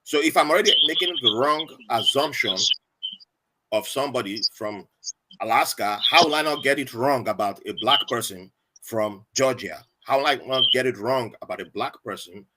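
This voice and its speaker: A man's voice: medium pitch, normal speed, background noise. A man, telling stories in a casual podcast chat. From Nigeria. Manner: animated, acts out quoted voices. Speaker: podcast guest.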